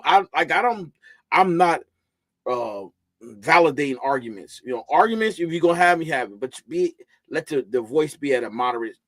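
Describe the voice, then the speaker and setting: A man hosting a casual chat, excitable at times and dropping to quiet asides. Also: on the high side, no room sound. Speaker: host.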